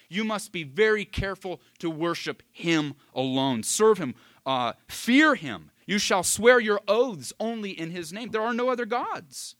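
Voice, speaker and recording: A man preaching a sermon to his congregation, swinging from hushed, low passages to loud, emphatic peaks. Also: dry recording, studio quality. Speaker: pastor.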